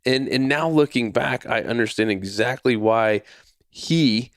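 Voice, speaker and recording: A man's voice: mid-range voice, a little slow, dry recording, clean studio sound. A man in his forties hosting a podcast, telling a personal story that leads into a faith lesson, repeating phrases and acting out what people said. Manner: lively storyteller who acts out quoted lines and repeats himself. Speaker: podcast host.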